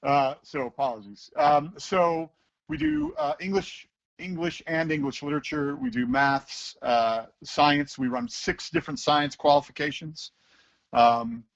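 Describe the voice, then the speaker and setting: A man's voice: a little high, creaky, highs cut off. A man, a teacher talking casually in an interview and acting out voices as he tells stories. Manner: animated storyteller who acts out voices.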